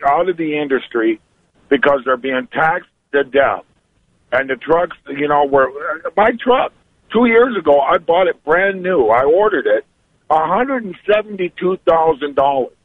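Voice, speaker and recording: A man's voice: on the high side, lively intonation, moderate pace, dry recording. A man calling a radio show as a truck owner-operator, angry and frustrated as he rants. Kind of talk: radio call-in. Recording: phone-line audio, dry.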